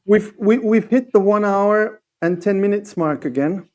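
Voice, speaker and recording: A man co-hosting a casual livestream chat, often halting and searching for words as he talks. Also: sits high, a little mellow. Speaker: livestream co-host.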